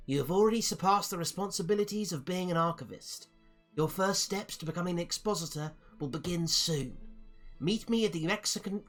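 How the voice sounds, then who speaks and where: A tabletop game master reading out a letter as an old male mentor, in a measured, formal way. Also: medium pitch, fairly bright tone, voice pushed up, lightly acted. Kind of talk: reading a letter aloud in character.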